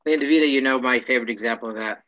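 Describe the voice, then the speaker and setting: A man teaching a casual class, wry and joking, often clearing his throat. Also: medium pitch, rapid-fire, bright, forceful tone, dull audio.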